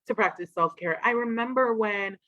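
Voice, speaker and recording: A woman, a trauma expert, giving an animated, casual talk on a livestream and acting out quoted voices. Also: mid-range voice, normal speed, no room sound, dull audio.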